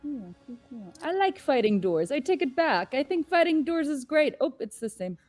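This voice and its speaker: A woman's voice: high-pitched, sing-song, moderate pace, a little mellow, soft background music. A woman playing a tabletop game, describing her character's actions casually and with many fillers. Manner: hesitant narration with many fillers. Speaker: player.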